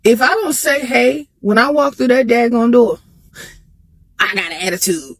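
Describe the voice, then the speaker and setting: High-pitched woman, casual animated vlogger, dry close recording. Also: normal speed, no room sound. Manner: animated, laughs between phrases; jumps high in pitch when emphatic. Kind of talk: casual chat to camera.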